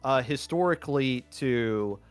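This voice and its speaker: A man commentating a live game tournament, relaxed and joking with his co-caster. His voice sits at an ordinary middle pitch. Faint music runs in the background. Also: unhurried, smooth. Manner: easygoing, joking banter. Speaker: esports commentator.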